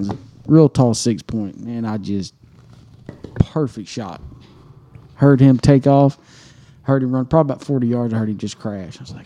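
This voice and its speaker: A man's voice: mid-range voice, normal speed, long pauses, dark tone. A man on a podcast, telling a hunting story casually, swearing and acting out his own reactions. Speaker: podcast co-host.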